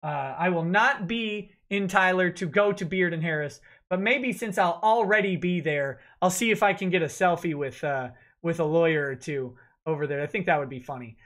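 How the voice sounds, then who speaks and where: A man's voice: sits high, moderate pace, a bit bright. A man hosting a legal livestream, reading viewer super chats aloud and adding wry, offhand asides. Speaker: lawyer livestream host.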